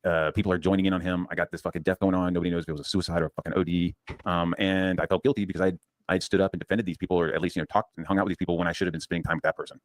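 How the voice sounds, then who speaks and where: A man's voice: sits low, little pitch movement, rapid-fire, no room sound. A man telling a long profane story in a rambling casual rant, full of restarts and fillers. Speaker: comics channel host.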